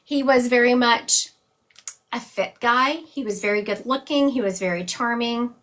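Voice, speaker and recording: A woman hosting a live psychic reading stream, relaying visions and chatting with viewers between readings. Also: medium pitch. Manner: describes visions as "he is showing me". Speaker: psychic medium host.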